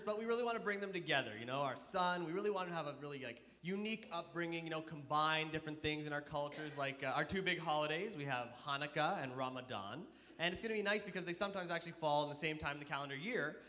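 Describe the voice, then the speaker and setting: A man performing a stand-up comedy set on stage, telling self-deprecating stories and acting out quoted voices loudly. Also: a little high, fast, hardly any pauses. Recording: live stage in a reverberant hall.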